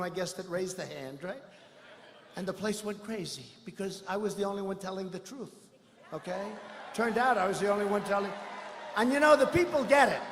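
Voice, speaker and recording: A man's voice: high voice, a little hiss or hum. Boastful man rambling through an echoing arena. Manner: boastful, rambling, mocking asides. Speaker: politician at a rally. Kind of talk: campaign rally speech. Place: large indoor arena. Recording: echoey arena with long reverb.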